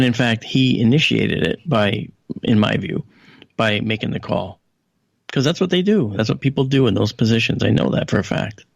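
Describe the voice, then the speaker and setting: A man with a gravelly, fry-tinged voice tells a story as a radio guest, lifting his pitch whenever he quotes someone else. The sound is dry and close, with no room around it. He talks casually and drifts into fillers and asides. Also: no echo. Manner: conversational with frequent fillers and asides. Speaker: guest analyst. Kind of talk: anecdotal storytelling in a radio interview.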